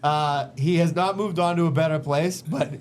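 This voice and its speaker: A man's voice: on the high side, normal speed, a little hiss or hum. A man hosting a podcast, telling neighborhood stories in a loose, profane way and acting out his friends' lines. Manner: profane, animated storyteller who acts out friends' lines. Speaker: podcast host. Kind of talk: casual storytelling chat.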